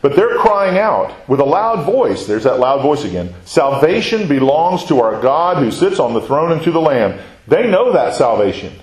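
A man's voice: fairly high pitch, very animated, moderate pace. Man teaching scripture in a very echoey room. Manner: conversational, asks questions and answers them. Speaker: Bible teacher. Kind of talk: verse-by-verse Bible teaching.

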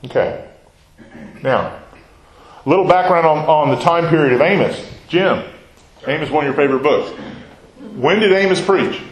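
A man's voice: on the high side, expressive, normal speed, long pauses, reverberant, slight background noise, rough recording. A man teaching a Bible study class, reading scripture aloud and then explaining it in a conversational way, often asking his listeners questions. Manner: conversational, quizzes the class with questions and tags "right?".

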